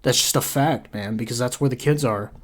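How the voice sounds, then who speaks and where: A woman's voice: a bass voice, a little fast. A woman hosting a reaction commentary channel, ranting crudely and sarcastically with a stream of insults. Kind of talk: profane reaction rant.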